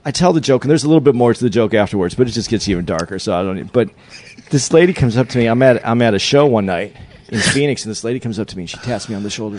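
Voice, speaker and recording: A man who is a stand-up comedian, telling a dark joke as a story in casual, profane podcast talk. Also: on the low side, expressive, very fast, a little hiss or hum.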